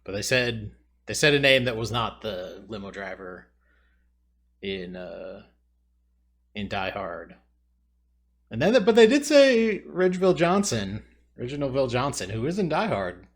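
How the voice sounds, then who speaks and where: A man's voice: lowish voice, animated, moderate pace, gravelly, pauses often, a bit bright, breathy edge. A man hosting a trivia video, thinking aloud and rambling casually as he tries to recall answers. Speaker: trivia video host playing along. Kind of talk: casual commentary while answering quiz questions.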